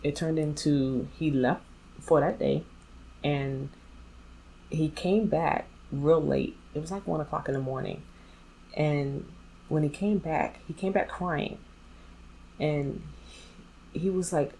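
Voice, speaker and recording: A woman's voice: deep voice, fairly even intonation, takes it slowly, long pauses, warm tone, a little hiss or hum, poor audio. A woman vlogger telling a personal story in a candid, blunt way, speaking straight to her viewers. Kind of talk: storytime vlog.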